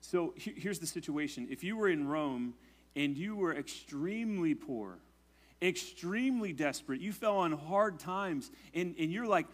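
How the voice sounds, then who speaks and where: Conversational pastor, slightly high voice. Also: male voice, lively intonation, normal speed. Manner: conversational preaching, often adding "right?"; prays in a low, hushed voice. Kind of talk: sermon.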